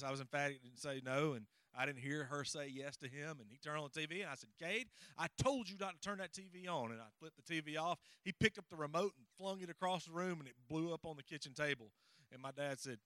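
A man's voice: on the high side, pushed and bright, smooth, no echo, clean studio sound. A middle-aged man, co-presenting a parenting seminar in a folksy, rambling way with stories and audience check-ins. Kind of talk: conversational teaching with personal stories.

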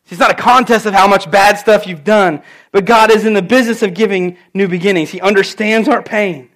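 A man's voice: high-pitched, a little fast, a bit bright. A man preaching a sermon in church, earnest and conversational, weaving in personal stories. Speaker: pastor.

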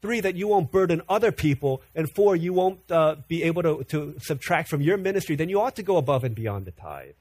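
Guy preaching, kinda high voice, dry close mic, repeats himself a lot when he gets going. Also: brisk, hardly any pauses, no room sound. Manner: animated, repeats words when building a point. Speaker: pastor. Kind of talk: sermon.

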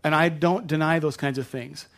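A man's voice: fairly high pitch, fairly even intonation, moderate pace, fairly bright tone. A man preaching a sermon, retelling a Bible story in a conversational way with asides to the congregation. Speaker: pastor.

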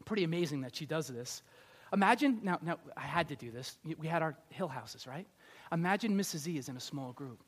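A male pastor giving a conversational, animated sermon, acting out little scenes. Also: a little high, fairly quick.

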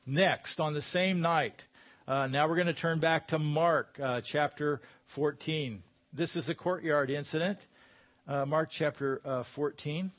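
A man's voice: a little high, a little slow, lo-fi sound. A man preaching a sermon in a conversational way, with emphatic bursts when he quotes scripture.

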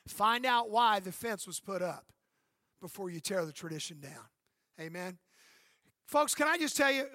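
A man's voice: very high-pitched, sharp tone, dry recording, clean studio sound. A man in his fifties, a pastor preaching an emphatic sermon and calling out for amens. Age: 50s. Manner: emphatic preaching with calls for amen.

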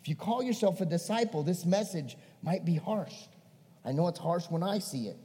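A male pastor preaching a sermon, swinging between emphatic and hushed. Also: high-pitched, lively intonation, normal speed, big-room sound.

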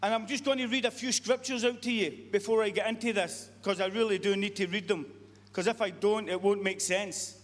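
A man with a high voice preaches a sermon, earnest and repetitive, often stumbling and restarting mid-sentence. His voice rings with the long reverb of a church hall. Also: fairly even intonation, a little fast, a bit bright.

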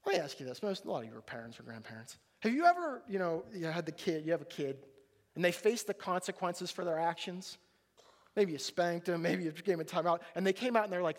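High-voiced man preaching in a reverberant hall. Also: fairly quick. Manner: animated, acts out voices of people in the story. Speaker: pastor. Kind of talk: sermon.

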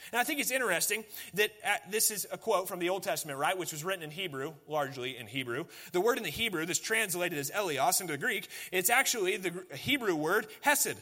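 Guy preaching, chatty sermon style, highish voice, lots of "right?" questions. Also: bright, forceful tone. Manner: conversational preaching, rhetorical questions, folksy asides. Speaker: pastor.

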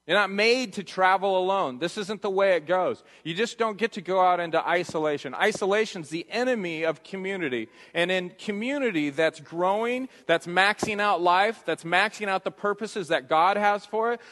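A man's voice: sits high, a bit bright. A man preaching a sermon as pastor, earnest and emphatic, repeating his points to drive them home, in a church sanctuary. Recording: reverberant church hall.

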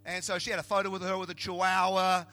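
Middle-aged Australian man, pastor, comic sermon, lively storytelling, fairly high voice, faint music underneath. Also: fast. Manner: animated, joking, building to emphatic shouts.

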